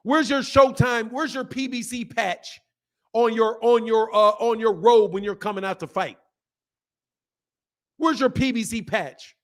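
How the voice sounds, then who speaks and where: With a very high-pitched voice and a measured pace, a man hosting a boxing channel rants at his viewers. The rant is heated and profane, his points come back again and again, and he reads their comments out loud.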